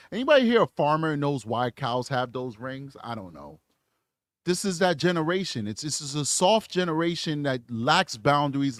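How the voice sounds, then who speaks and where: A man's voice: high voice, dry recording, clean studio sound. An American man hosting a live true crime show, giving emphatic, rambling commentary on clips and reading viewer chat.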